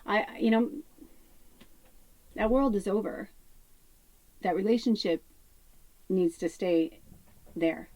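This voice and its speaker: A woman's voice: medium pitch, takes it slowly, long pauses, darkish tone, no echo, low-quality recording. A woman talking casually to camera as a psychic medium, chatty with many fillers, at times dropping her voice to a whisper. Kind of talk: casual spiritual talk to camera. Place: home off grid.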